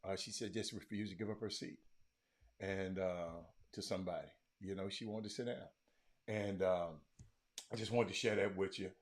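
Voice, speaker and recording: A man's voice: sits low, steady tone, moderate pace. A man hosting a sports talk stream from a room at home, chatting loosely and calling out viewers by name. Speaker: sports talk show host. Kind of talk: casual live-stream chat.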